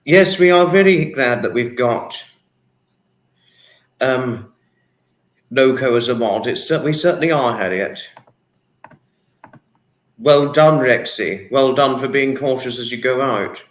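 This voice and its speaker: A man's voice: mid-range voice, slow pace, pauses often. A man hosting a casual livestream, reading out viewer comments in an emotional, repetitive way. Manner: emotional, repetitive, dwells on words. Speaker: livestream host. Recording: echoey room.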